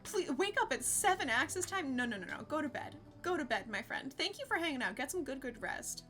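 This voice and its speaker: A woman's voice: high-pitched, very animated, fairly quick, sharp tone, faint music behind. A young woman streaming a game, chatting casually with her viewers and laughing often. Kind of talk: casual live-stream chat.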